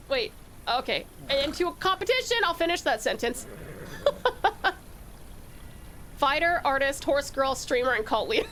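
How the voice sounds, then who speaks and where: Her voice is high and fairly bright, with a little hiss or hum on the recording. This Tasmanian streamer chats casually with her audience while gaming, bubbly and quick to laugh, as faint game music plays behind her.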